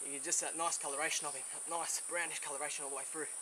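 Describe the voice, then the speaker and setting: A man's voice: fairly high pitch, flat delivery, rapid-fire. An Australian man presenting wildlife in the field, handling a venomous snake, switching between soothing murmurs and eager explanation, sweating and a bit out of breath. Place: outdoors in bush country. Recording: outdoor field recording, loud insect noise. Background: buzzing insects and crickets.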